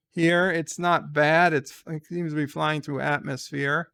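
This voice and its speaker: A man's voice: a little high, level tone, measured pace, vocal fry, few pauses, sharp tone, clear, resonant tone. A man giving casual reaction commentary on a trailer, sarcastic and exasperated as he gripes. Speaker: trailer reviewer.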